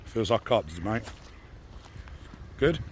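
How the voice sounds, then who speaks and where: Croaky angler chatting by a lake. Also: male voice, on the low side, animated, a little slow. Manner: banters and asks questions. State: croaky after losing his voice to a cough. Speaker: angler and channel host. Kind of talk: casual outdoor commentary. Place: lakeside outdoors.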